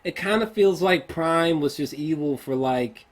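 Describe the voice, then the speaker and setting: A man's voice: a little high, a little slow. Exasperated, swearing male film reviewer. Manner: exasperated, profane ranting with many fillers. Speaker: movie reviewer. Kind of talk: casual spoken film review.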